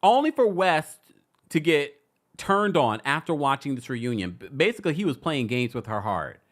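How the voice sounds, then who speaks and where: A woman hosting a live-stream celebrity gossip recap, hoarse, chatty and laughing often, stopping and restarting her sentences. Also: low voice, normal speed. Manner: animated, laughing, self-interrupting.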